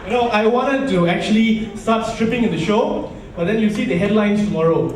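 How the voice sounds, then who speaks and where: A man from Malaysia working a club crowd with stand-up comedy. His voice sits high and delivery is punchy, often dropping into low asides. He is heard from far across a very echoey room, with a noisy crowd hum behind. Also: fairly quick. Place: nightclub stage.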